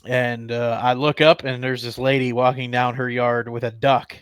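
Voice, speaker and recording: Casting: male angler guest, mid-pitched, chatty rambling storyteller, dry close podcast mic. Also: level tone, moderate pace, clean tone, dry recording. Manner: rambling, filler-heavy storytelling.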